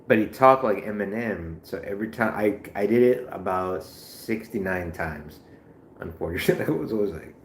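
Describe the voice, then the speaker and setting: A man's voice: sits low, a little fast, echoey room, a little hiss or hum. A man live streaming in casual chat, rambling and profane, full of slang.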